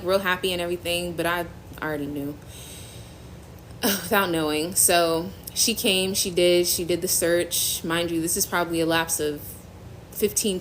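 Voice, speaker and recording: A young woman hosting a faith-based phone live stream, giving an emotional personal testimony in a halting, earnest way, near tears. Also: lowish voice, steady tone, a little hiss or hum, rough recording. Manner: halting, earnest, trailing off and restarting.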